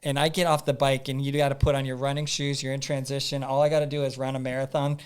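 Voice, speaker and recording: A man telling a story as a podcast guest in a casual, animated way, acting out his own thoughts and using lots of fillers. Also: medium pitch, fast talker, smooth. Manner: frequent "like" fillers and repeats.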